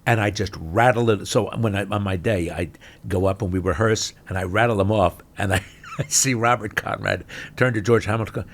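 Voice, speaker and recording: An older man with a low, gravelly, husky voice tells stories in a lively interview chat. He jumps between loud bursts and quiet mutters as he goes. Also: a little fast. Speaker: guest actor.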